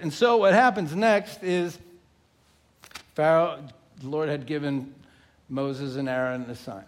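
Male pastor, emphatic and animated sermon delivery, high voice, deliberate pace. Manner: animated, emphatic, acts out the story.

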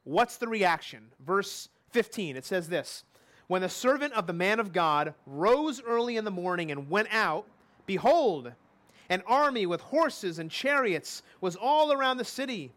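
A man's voice: high voice, lively intonation, a little slow, a bit bright. A man preaching a sermon in a conversational way, often putting questions to his listeners.

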